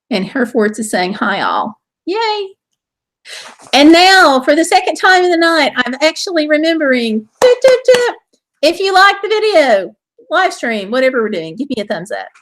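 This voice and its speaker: A woman's voice: on the high side, fairly bright tone. A woman hosting a casual live stream, chatting in a bubbly way and reading viewer comments aloud. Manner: bubbly and chatty, with exclamations and laughter.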